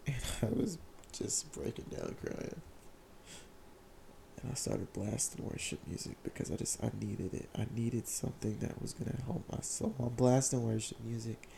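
A young man candidly telling a personal story in casual slang, often halting and repeating his words. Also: mid-range voice, animated, creaky, mellow, slight background noise. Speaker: vlogger sharing a personal story.

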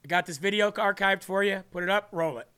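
A man hosting a live-streamed faith talk show, reading viewer comments and talking in an earnest, excitable way. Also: sits high, fast, smooth. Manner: earnest, excitable, restarts and laughs often. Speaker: host of an online faith show.

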